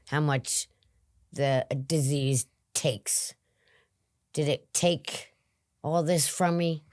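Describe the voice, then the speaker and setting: Female interview guest, low and slow, earnest, dry close sound. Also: dry recording. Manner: earnest and reflective, dropping to whispers. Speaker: guest in recovery. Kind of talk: interview conversation.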